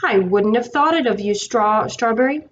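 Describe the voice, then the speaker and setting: A woman voicing a gruff working-class cab driver in a storybook reading, blustering and indignant. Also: a little high, moderate pace, muffled recording, a little hiss or hum, close to an everyday voice.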